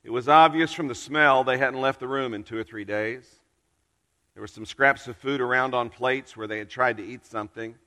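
A male pastor preaching in a church sanctuary, his bright, forward tone carrying out into the room. He tells a story earnestly, leaning into dramatic pauses, and a long reverb trails behind each phrase. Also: medium pitch. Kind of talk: storytelling sermon.

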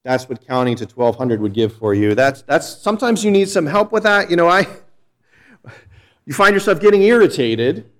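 A man's voice: fairly high pitch, big pitch swings, moderate pace, a bit bright. A middle-aged man, a pastor, preaching a sermon in a conversational, storytelling way with frequent restarts.

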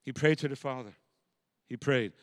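A man preaching a sermon as pastor, moving from quiet, reflective passages to loud, impassioned calls. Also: medium pitch, moderate pace, no room sound.

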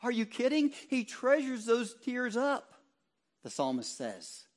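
High-voiced man preaching an impassioned sermon. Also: huge pitch swings, a little slow. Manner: impassioned, swinging from hushed low tones to loud exhortation. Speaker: ruling elder preaching.

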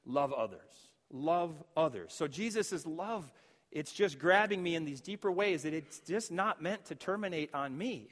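A man's voice: fairly high pitch, fairly bright tone, long reverb tail. A man preaching a sermon as pastor, earnest and reflective, often restarting his phrases as he quotes and works through scripture.

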